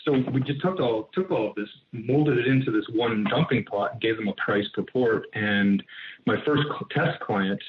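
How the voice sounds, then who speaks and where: A man, a guest entrepreneur, telling a story in an interview in an animated way, with many asides and restarts. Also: on the low side, moderate pace. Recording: tinny phone-like line with faint noise.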